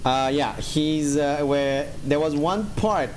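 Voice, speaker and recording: A man's voice: fairly high pitch, takes it slowly, slight background noise. A young man chatting casually while streaming a game, rambling and laughing often. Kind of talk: casual gaming stream chat.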